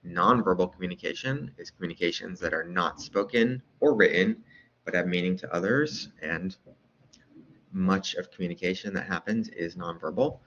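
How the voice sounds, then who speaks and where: A man with a very low voice talks through lecture slides in an easygoing, informal way. He keeps asking rhetorical questions and checking in with "right?". The recording sounds dull and lo-fi. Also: moderate pace, fairly bright tone, a little hiss or hum.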